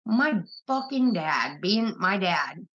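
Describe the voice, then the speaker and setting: A woman's voice: mid-range voice, sing-song, slow pace, fairly bright tone. A young woman hosting a livestream, telling rambling stories full of profanity in casual chat. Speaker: livestream host. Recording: muffled lo-fi stream audio.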